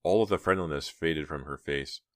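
A man narrating an audiobook in a steady, measured reading. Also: rumbling low, dry recording, clean studio sound. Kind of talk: scripted narration.

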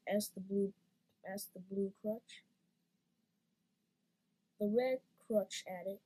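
A woman reading a children's storybook aloud in an expressive, playful way. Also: mid-range voice, slow pace, long pauses, low-quality recording.

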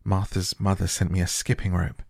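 Brief: a man doing a shy little girl, hesitant and stammering, low husky read. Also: flat delivery, moderate pace, a little mellow, no echo, studio quality. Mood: eager. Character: timid, earnest little girl, Mary.

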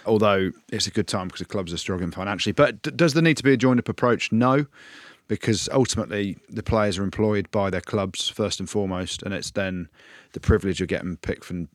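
A man hosting a podcast rattles along at a fast clip in a fairly low voice and keeps up a joking, teasing banter. The sound is close and dry, with no room echo. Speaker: podcast host.

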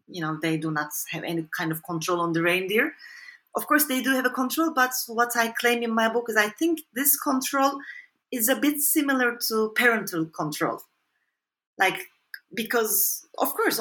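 A woman's voice: medium pitch, a bit bright. Hesitant, thoughtful woman researcher. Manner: thoughtful, hesitant, many fillers and restarts. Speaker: author and researcher guest. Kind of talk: conversational interview answer.

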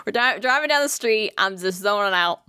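A woman co-hosting a casual chat, telling a funny story in an animated, profane way with bursts of laughter. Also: medium pitch, brisk, clear, resonant tone, dry recording, studio quality.

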